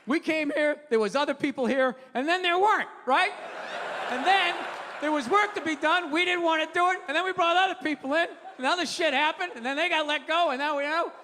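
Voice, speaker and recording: A middle-aged man performing a profane, ranting stand-up set with sudden shouted bursts, on a stage before a live audience. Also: very high voice, fairly quick. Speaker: stand-up comedian. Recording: reverberant venue with audience noise.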